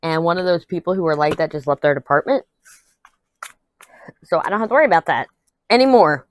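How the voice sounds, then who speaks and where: Animated and a little fast, a young adult woman vlogger chats to camera as she crafts, candidly venting and rambling with some laughter. Her voice is lowish, and there's no room sound.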